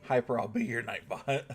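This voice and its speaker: A man's voice: mid-range voice, moderate pace, breathy edge. A young man streaming a mobile game, chatting casually with viewers and swearing now and then. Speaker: gaming livestreamer. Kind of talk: casual live-stream chat.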